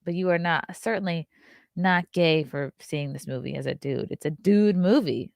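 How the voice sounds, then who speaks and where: A woman giving a casual, joking movie review, acting out the characters' lines in quick little voices. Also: fairly low pitch, vocal fry, no echo, studio quality. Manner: animated, jokey, acts out voices of characters.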